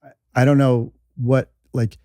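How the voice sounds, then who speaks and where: A man as a podcast guest, chatting casually with dry, deadpan humor. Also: medium pitch, measured pace, clean tone, no room sound. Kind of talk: casual chat.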